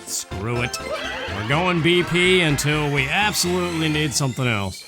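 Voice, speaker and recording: A man's voice: a little high, animated, normal speed. A young man hosting a let's play, giving rambling, casual gameplay commentary and thinking aloud. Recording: game music behind.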